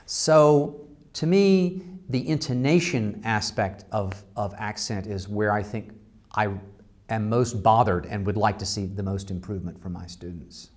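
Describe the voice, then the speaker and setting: A man's voice: on the low side, a little slow, darkish tone. A man, a university language instructor, giving thoughtful interview answers with many fillers and restarts. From United States.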